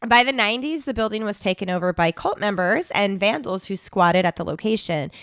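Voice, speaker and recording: A woman in her thirties co-hosting a casual podcast, telling stories in a bubbly, animated way. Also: mid-range voice, a little fast, clean tone, dry recording, studio quality. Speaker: podcast co-host. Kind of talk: casual chat.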